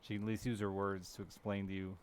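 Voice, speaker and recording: A man in his thirties streams a game and chats casually and candidly with his live viewers, swearing occasionally. He talks fast in a lowish, darkish voice with a level tone, and there's a little hiss or hum in the audio.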